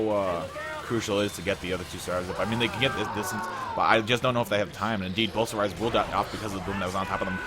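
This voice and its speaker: Fast-talking young male game caster. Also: fairly low pitch, background noise. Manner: rapid play-by-play, laughs easily. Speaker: esports caster. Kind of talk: live game commentary.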